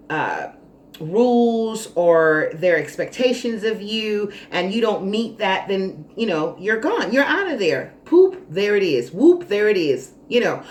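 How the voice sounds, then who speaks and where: A woman vlogger telling a story in a casual monologue, animated, dramatic and sassy. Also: medium pitch. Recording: roomy echo, faint noise.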